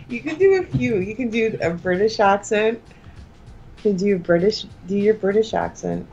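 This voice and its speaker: A woman's voice: mid-range voice, expressive, unhurried, gravelly, pauses often, darkish tone, highs cut off, soft background music. A woman co-hosting a casual talk show, laughing often and making short remarks. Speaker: co-host. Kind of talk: casual chat.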